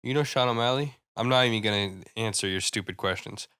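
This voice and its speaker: A young man co-hosting a podcast in casual chat, excitable, swearing often and laughing a lot. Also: on the low side, fast talker, clear, resonant tone, no room sound, studio quality. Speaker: podcast co-host.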